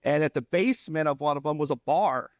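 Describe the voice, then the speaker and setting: A man in his fifties, a former volleyball player, telling animated stories on a podcast with laughs and acted-out quotes. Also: a little high, a little fast, no echo. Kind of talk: casual storytelling chat.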